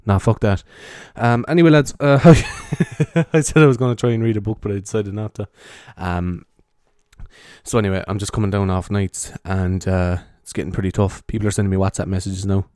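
A man's voice: on the low side, steady tone, moderate pace, no echo, studio quality. An Irish man rambling casually in a half-whispered ASMR style, talking into a handheld mic as he wanders around his bedroom. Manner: meandering, chatty, swears freely, soft hushed delivery. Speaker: podcaster. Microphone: handheld microphone carried around the room.

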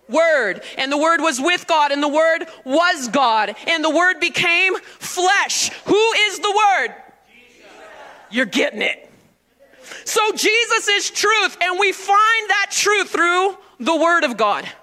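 Woman pastor, very high and sharply bright voice, emphatic call-and-response sermon in church. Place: church sanctuary.

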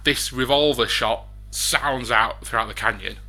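A man narrating a tabletop western role-playing game as game master, chatty and quick to laugh. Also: medium pitch, bright, forceful tone. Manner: chatty, laughing, restarts often.

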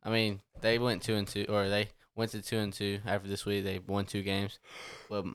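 Low, smooth man, dry sound. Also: monotone, moderate pace. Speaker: podcast co-host. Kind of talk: casual podcast banter.

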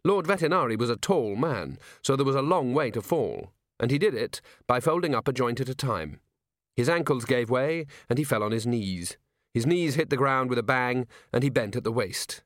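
A man narrating an audiobook with measured, wry storytelling. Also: medium pitch, expressive, no room sound, studio quality. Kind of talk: scripted narration.

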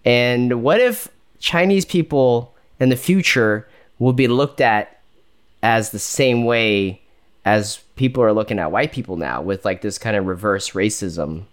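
A man's voice: mid-range voice, unhurried. A man co-hosting a casual podcast, talking tentatively and hedging with lots of "like" and "you know". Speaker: podcast co-host.

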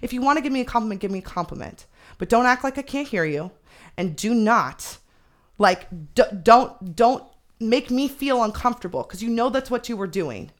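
A young woman guest on a podcast, telling a story in candid, animated casual chat with frequent swearing. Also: on the high side, moderate pace.

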